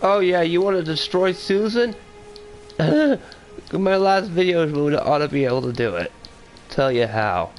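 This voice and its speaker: A man co-hosting a casual podcast chat, talking in a blunt, excitable, profane way. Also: on the high side, unhurried, slight background noise.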